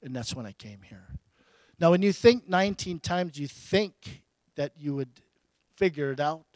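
A pastor preaching a storytelling sermon, his delivery swinging between loud bursts and hushed asides. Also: fairly high pitch, animated, a little slow, no echo.

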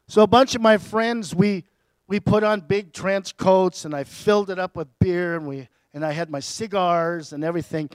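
A man preaching a personal testimony as a sermon, telling his story with big swings between loud and quiet. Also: high voice, moderate pace, clear, resonant tone, no room sound.

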